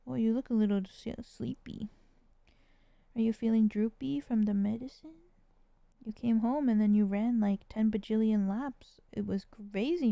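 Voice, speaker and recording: Woman cooing softly to her cat. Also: a little high, fairly even intonation, normal speed, gravelly, dry recording. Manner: cooing, drops to whispers. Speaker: streamer talking to her cat. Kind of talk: soft baby talk to a pet.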